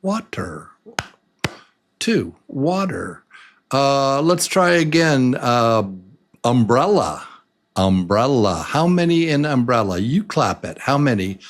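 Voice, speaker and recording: A man teaching English to beginners, saying words slowly and breaking them into beats in an encouraging, patient way. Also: mid-range voice, very animated. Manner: slow, drawn-out words broken into beats. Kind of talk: slow beginner lesson.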